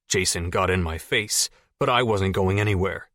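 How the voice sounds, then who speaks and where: A man with a fairly low voice narrates a fantasy novel in the first person. His reading is steady and measured, recorded close in a dry studio. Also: dry recording. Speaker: audiobook narrator.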